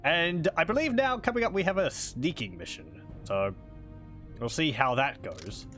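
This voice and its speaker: A man talking through a game session in a loose, rambling way, his pitch rising and falling freely. He often stops to correct himself mid-sentence. Faint game music plays under his voice. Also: lively intonation, moderate pace, a bit bright. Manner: chatty, rambling, self-correcting. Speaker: gaming video host. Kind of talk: casual let's-play commentary.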